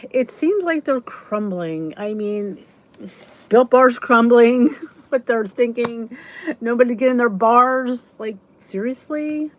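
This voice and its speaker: A woman's voice: fairly high pitch, slow. A woman hosting a casual livestream chat, greeting viewers by name and rambling through chatty asides. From United States. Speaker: livestream host.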